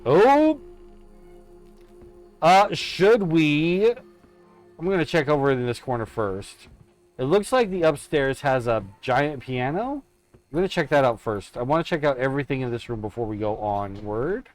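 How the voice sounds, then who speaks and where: A man's voice: mid-range voice, animated, moderate pace, faint music behind. A man streaming a horror game live, commenting as he explores and making playful, mock-dramatic asides to himself.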